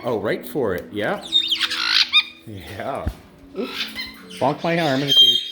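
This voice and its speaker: A woman's voice: big pitch swings, slow, pauses often, loud music behind the voice. A woman who keeps a bird sanctuary, chatting casually in a vlog and baby-talking to her pet birds in a bird room. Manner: coos and baby-talks to the birds, jumping to a high pitch. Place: indoor bird room with cages. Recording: loud squawking birds behind.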